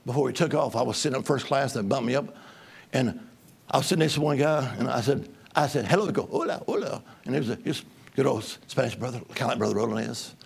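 Gravelly-voiced man preaching a lively sermon. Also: medium pitch, fast talker. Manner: lively, call-and-response, swings from loud to hushed. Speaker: traveling preacher. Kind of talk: humorous storytelling sermon.

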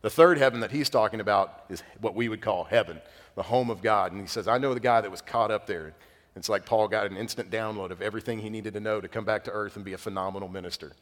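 A young man preaching as a pastor, with a fairly low voice that rings out in a hall with a long echo. He tells stories in a relaxed, chatty way, gets louder when excited, then drops to a quiet, solemn emphasis. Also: quick pace. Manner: conversational, animated storytelling with sudden quiet emphasis. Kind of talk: sermon.

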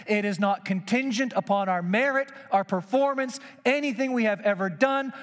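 A man's voice: sits high, long reverb tail. A man preaching a sermon, emphatic and repeating key phrases for weight.

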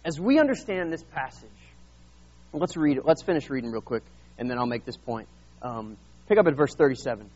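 A man preaching a sermon, retelling Bible scenes in a lively, casual way and acting out the characters. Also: medium pitch, fairly quick, muffled recording. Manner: animated, acts out Bible scenes in casual voices. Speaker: pastor.

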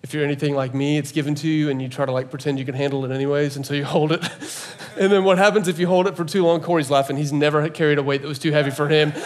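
A man preaching a sermon, talking casually with jokes to the congregation and building to loud emphatic peaks. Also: a little high, fairly even intonation, rapid-fire, hardly any pauses. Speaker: pastor.

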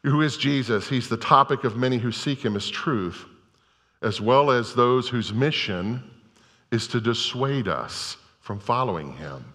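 A man's voice: medium pitch, expressive, measured pace, fairly bright tone. A male pastor preaching a sermon to a congregation, telling scripture stories in a conversational, storytelling way. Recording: long reverb of a large hall.

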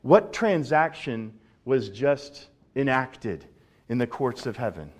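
A man's voice: mid-range voice, slow. Conversational male pastor preaching. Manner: conversational, animated preaching with repeated words. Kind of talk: sermon.

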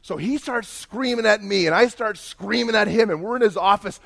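A male pastor telling a story in a sermon, animated and emphatic, acting out the dialogue. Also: high-pitched, moderate pace, vocal fry.

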